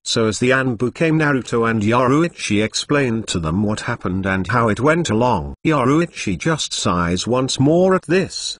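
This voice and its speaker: Flat synthetic male story narrator. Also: mid-range voice, moderate pace, few pauses, dry recording. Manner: flat, reads punctuation aloud. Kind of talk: text-to-speech story reading.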